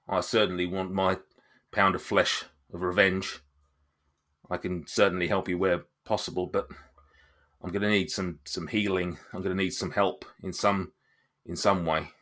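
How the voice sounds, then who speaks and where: A man voices a wounded dragon in halfling form for a tabletop game, speaking with an Australian accent in a deep, low register. He stammers and trails off, sounding worn out and hungry for revenge. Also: fairly bright tone.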